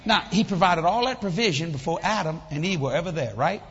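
A man's voice: fairly high pitch, fairly quick, big-room sound, dull audio. An older man preaching a sermon to a congregation, telling jokes and acting out voices in his stories. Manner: animated storytelling, acts out voices, jokes with congregation. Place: church hall with audience.

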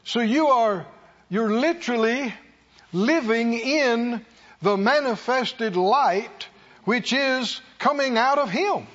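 Slow, high-voiced preacher man. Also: a bit bright, dull audio. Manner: call-and-response preaching, repetitive and emphatic. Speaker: pastor. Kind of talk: sermon. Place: church.

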